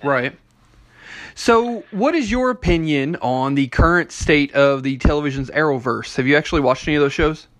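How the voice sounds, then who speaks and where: A man with a Kentucky accent hosting a casual interview, easygoing and quick to laugh. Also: a little high, no echo. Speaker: host.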